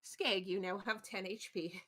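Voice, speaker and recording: A woman's voice: medium pitch, steady tone, measured pace, a crowd in the background. A woman playing a tabletop game, casual, crude and swearing. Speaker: player.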